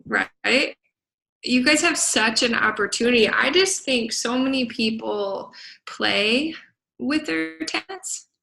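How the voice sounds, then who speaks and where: Bright, punchy motivational woman. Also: on the high side, unhurried, gravelly, low-quality recording. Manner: energetic, punchy, keeps asking "right?". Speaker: business coach and guest speaker. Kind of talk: motivational talk to a team. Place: away from home, speaking to a laptop.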